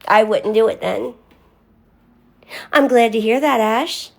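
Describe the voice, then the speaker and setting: A woman's voice: on the high side, takes it slowly, vocal fry. A young woman talking candidly on a live stream, answering viewers by name in casual chat.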